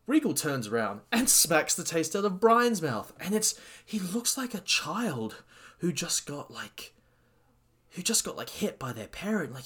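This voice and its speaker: Excitable rambling man recapping wrestling. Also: a little high, moderate pace, breathy edge. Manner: excited, rambling, many fillers and restarts. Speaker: wrestling fan commentator. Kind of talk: casual recap monologue.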